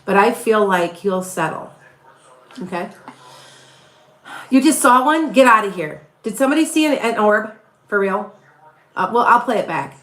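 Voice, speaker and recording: Chatty and rambling, a middle-aged psychic with a slight Wisconsin accent, from northern Illinois near Chicago, answers viewer questions during live readings, often restarting and laughing. Her mid-range voice is expressive and fairly bright, at a moderate pace with long pauses, in a roomy-sounding space.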